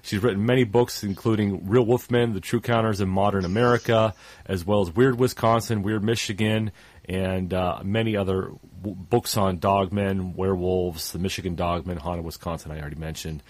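A man's voice: low-pitched, fairly even intonation, moderate pace, no room sound. A man co-hosting a radio show in casual talk, stuffed up, rambling with many fillers and trailing off at phrase ends.

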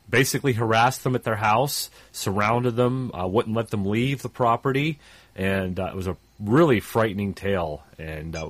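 A man's voice: sits low, dry recording. A man co-hosting a radio show in casual talk, stuffed up, rambling with many fillers and trailing off at phrase ends.

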